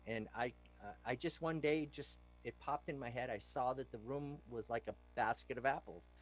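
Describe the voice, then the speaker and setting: A man's voice: medium pitch, moderate pace, poor audio. A man guest on a talk show, telling stories in a loose, plain-spoken way and acting out what he once said to a class. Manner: animated, acts out what he told the class. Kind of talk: casual interview storytelling.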